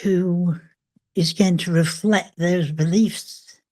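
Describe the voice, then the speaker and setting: An older woman, a memoir author, speaking reflectively in an interview, thoughtful and hesitant with frequent pauses. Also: fairly low pitch, steady tone, mellow.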